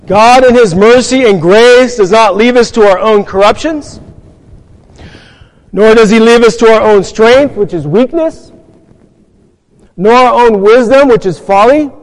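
A man's voice: very high-pitched, unhurried, long pauses, in a large hall. A man preaching a sermon, earnest and reading scripture, asking his listeners rhetorical questions along the way.

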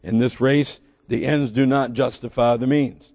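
Gravelly Southern preacher man. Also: medium pitch, fairly even intonation, measured pace, darkish tone, no room sound, studio quality, big-room sound. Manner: earnest, building to emphatic bursts with folksy asides. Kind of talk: sermon.

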